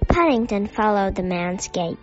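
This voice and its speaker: A woman reading a children's story aloud as narrator, measured and careful. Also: medium pitch, animated. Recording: dull lo-fi audio with faint music.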